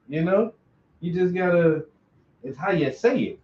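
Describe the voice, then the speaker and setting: A man's voice: a little high, normal speed. A man painting on a long live stream, chatting casually in a loose, slangy, joking way. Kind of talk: casual chat while painting. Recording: roomy, dull lo-fi sound.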